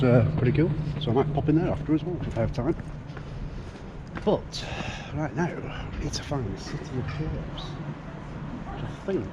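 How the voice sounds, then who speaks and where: Vlogger: British man, upbeat and chatty, filming on the street with city noise around. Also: mid-range voice. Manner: chatty, self-mocking asides. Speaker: travel vlogger. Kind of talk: casual walking vlog.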